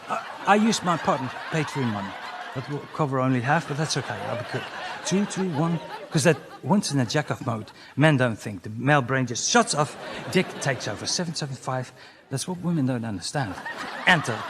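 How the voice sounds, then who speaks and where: A man's voice: mid-range voice, lively intonation, fairly quick, noisy background. A man from the Netherlands, delivering a bawdy, self-mocking stand-up monologue as a conference speaker.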